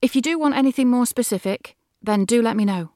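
A woman's voice: a little high, a little fast, warm tone, no echo, studio quality. A woman voice actor chatting through a demo of character voices, laughing now and then.

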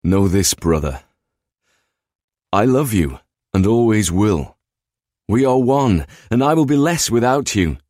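A man's voice: fairly low pitch, big pitch swings, darkish tone, no room sound, clean studio sound, pitched above the performer's own voice, heavily acted. A man voicing a solemn, sorrowful godlike male warrior who speaks in grave, formal sentences. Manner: grave, formal, measured speech.

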